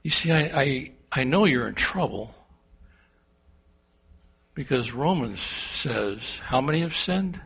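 A man preaching a sermon, swinging between loud and hushed and asking the congregation rhetorical questions. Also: mid-range voice, lively intonation, slow pace, creaky, long pauses, husky. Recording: dull lo-fi sound.

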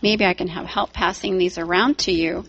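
A woman teaching children at church tells a Bible story and gently talks to the kids. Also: fairly low pitch, fairly even intonation, normal speed, highs cut off.

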